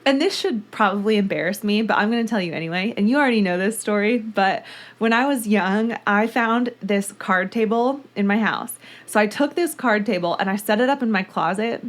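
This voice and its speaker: A talkative woman hosts a true-crime podcast, gushing over small things before she settles into telling the case. She sits close to a studio mic, and her voice sits at an everyday middle pitch. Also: brisk. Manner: chatty, gushing, reads listener mail aloud. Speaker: podcast host. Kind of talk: casual true-crime podcast chat and narration.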